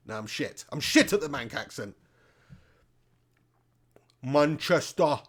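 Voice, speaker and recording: A man's voice: medium pitch, sing-song, brisk, a bit bright, slightly rough. Brief: man, live football stream host, casual jokey banter and running commentary. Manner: jokey banter, laughs often, reads chat aloud.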